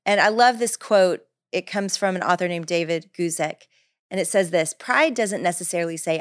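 A woman teaching through a Bible passage in an animated, lively way. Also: normal speed, no room sound, studio quality. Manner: lively, animated, acts out Paul's voice with big pitch jumps.

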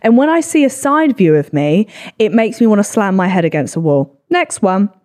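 Low-voiced sarcastic woman podcaster. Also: big pitch swings, normal speed, a little mellow. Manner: swearing, sarcastic, self-deprecating. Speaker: podcast host. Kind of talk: solo podcast chat, reading comments.

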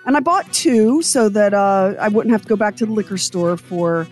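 A woman's voice: medium pitch, normal speed, faint music behind. A woman co-hosting a radio show, telling a story in casual chat and acting out quotes and sounds as she goes. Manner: animated storyteller, acts out quotes and sound effects.

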